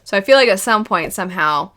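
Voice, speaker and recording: A woman hosting a video and giving casual reaction commentary on a cartoon series, animated and emotional and laughing often. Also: medium pitch, fast.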